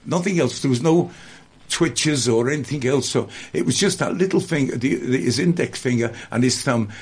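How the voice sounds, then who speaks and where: A man's voice: mid-range voice, moderate pace, slightly rough. An older man, a guest entertainer and impressionist, reminiscing in a conversational interview with a rambling, anecdotal way of talking. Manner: rambling, anecdotal, with frequent restarts.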